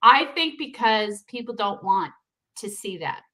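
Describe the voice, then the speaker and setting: Bright, high-voiced woman co-host. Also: unhurried, low-quality recording. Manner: animated storyteller, acts out voices and laughs. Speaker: podcast co-host. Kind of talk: casual chat.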